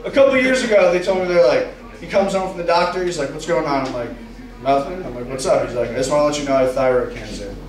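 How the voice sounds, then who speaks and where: A man's voice: a little high, fast. A man doing a stand-up comedy set in a club bar, telling crude stories and acting out what people said. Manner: profane storytelling, acting out quoted lines. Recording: echoey room, distant mic, club noise.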